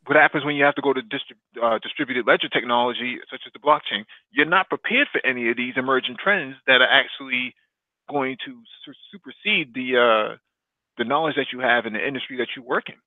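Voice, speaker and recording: A man's voice: mid-range voice, a little fast, no echo. A man co-hosting a casual podcast about economics and technology, explaining at length with many fillers and restarts. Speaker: podcast co-host. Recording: dry tinny phone-like line.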